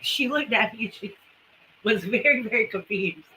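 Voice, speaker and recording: A woman's voice: fairly high pitch, lively intonation, moderate pace, sharp tone, slight background noise, rough recording. A woman with a Southern US accent, chatting folksily with viewers as a homesteading livestream host. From Carolinas, US. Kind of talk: casual livestream chat with viewers.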